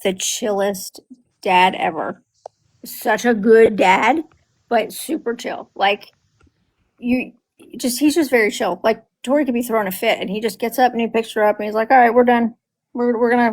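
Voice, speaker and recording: A middle-aged woman in casual conversation, her voice sitting a little on the high side. She tells family stories with lively, animated delivery, slipping into the voices of relatives as she goes. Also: normal speed, low-quality recording. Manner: animated storytelling, acting out quoted family members. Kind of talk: casual chat.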